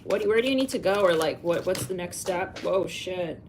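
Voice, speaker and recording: A woman's voice: on the low side, lively intonation, moderate pace, background noise. A woman doing a live psychic reading, musing aloud, spelling out letters and names, with sighs and fillers. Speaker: psychic reader.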